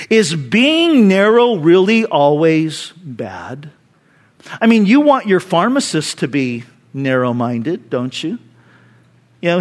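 A pastor preaching a sermon, emphatic and conversational, slipping into little acted-out voices for the people he quotes. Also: a little high.

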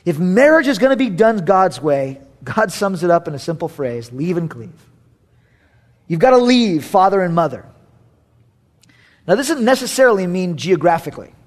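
A man's voice: high-pitched, darkish tone. A middle-aged male pastor preaching a sermon, emphatic, repeating key phrases with playful asides.

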